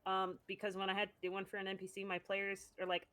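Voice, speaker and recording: Woman, tabletop player, chatty, mid pitch, casual banter. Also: flat delivery, bright, forceful tone. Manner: chatty, laughing, quick asides. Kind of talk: casual chat at a tabletop game.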